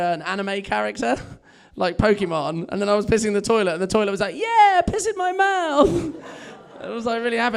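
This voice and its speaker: A man's voice: sits high, creaky. A young man doing a chatty, self-mocking stand-up set on a comedy club stage, telling stories with lots of energy.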